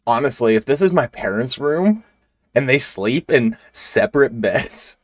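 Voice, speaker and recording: A man's voice: mid-range voice, expressive, a little slow, no echo. A young man casually commenting and joking as he plays a short horror game. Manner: joking, casual, reacts aloud. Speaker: gaming video creator. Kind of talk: let's play commentary.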